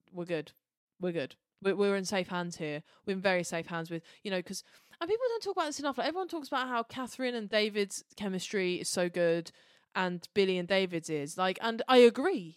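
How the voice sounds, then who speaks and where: A woman co-hosting a podcast in casual chat, animated and jokey, often quoting lines in a high put-on voice. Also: clear, resonant tone, dry recording, studio quality. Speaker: podcast co-host.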